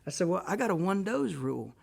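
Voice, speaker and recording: Fast-talking gravelly man. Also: high-pitched. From Texas. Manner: animated, rambling storyteller. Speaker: guest musician. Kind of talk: casual storytelling on radio.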